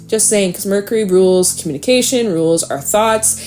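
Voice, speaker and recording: A woman with a mid-range voice talks through a tarot reading in a loose, chatty way, encouraging and now and then swearing. Faint music plays softly behind her. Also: mid-range voice, moderate pace. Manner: chatty and encouraging, acts out worried inner voices, swears casually. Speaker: tarot reader.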